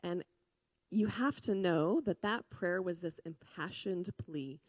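A woman giving a sermon in an earnest, conversational way, full of fillers and restarts, moving between hushed grief and lively emphasis. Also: fairly low pitch, slow, no echo. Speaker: preacher.

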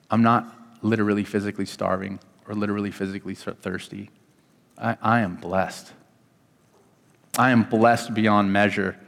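A man preaching a sermon as a pastor, in a conversational, earnest way with lots of repetition. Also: on the low side. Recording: long hall reverb.

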